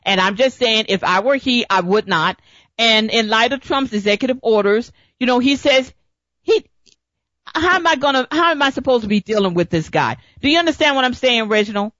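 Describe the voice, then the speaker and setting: A woman's voice: on the high side, lively intonation, fairly quick, a bit bright, no echo. A woman hosting a political talk radio show, speaking emphatically, repeating her points and firing off rhetorical questions. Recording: dull lo-fi dry recording.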